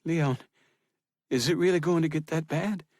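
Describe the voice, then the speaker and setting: A man's voice: a little high, moderate pace, darkish tone, no room sound, clean studio sound, voice pushed up, natural voice. A man voicing a worried adult sister in an audiobook, anxious and defensive.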